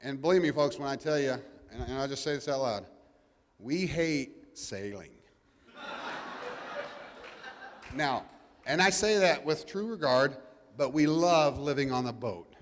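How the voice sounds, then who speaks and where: A man's voice: medium pitch, moderate pace, in a large hall, slight background noise. A middle-aged man gives a folksy, joking talk to a live audience as a guest speaker, rambling a little with restarts. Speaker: guest speaker, cruising family father. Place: event venue before a live audience.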